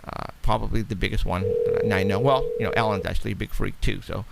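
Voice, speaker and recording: A man's voice: on the low side, fairly even intonation, fast talker, gravelly, heavy background noise. A man hosting a radio talk show, chatting in a rambling, casual way. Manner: rambling, chatty, laughs often.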